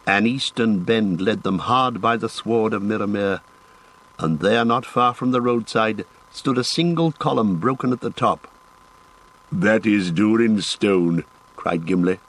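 Low-voiced man narrating a fantasy tale. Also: a bit bright, rough recording. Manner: measured, descriptive reading with lifted phrase starts. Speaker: audiobook narrator.

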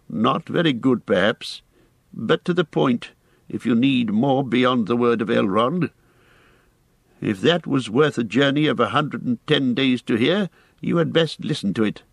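A man voicing an elderly male hobbit, excitable and proud, with brisk, spirited declaiming. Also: medium pitch, creaky, husky, no room sound, voice pushed up, full character voice.

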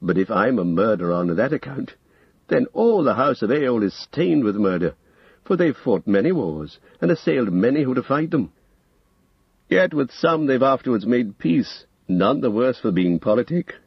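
Old male wizard, persuasive and proud, man doing the voice, husky tone, dry lo-fi audiobook. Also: medium pitch, sing-song, moderate pace, dry recording. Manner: smooth coaxing, rising to lofty emphasis. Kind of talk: audiobook character reading.

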